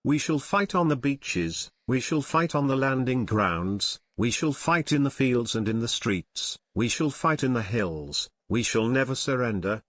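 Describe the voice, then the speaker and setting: A man's voice: medium pitch, lively intonation, a little slow, few pauses, fairly bright tone, no echo. A man doing a grave wartime orator. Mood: defiant. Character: stirring wartime leader making a defiant speech.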